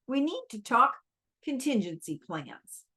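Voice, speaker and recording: A woman reading aloud, voicing a gruff, blunt army general who speaks in a curt, commanding way. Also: high-pitched, sing-song, unhurried, pushed and bright, pitched above the performer's own voice, exaggerated voice. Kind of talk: audiobook reading.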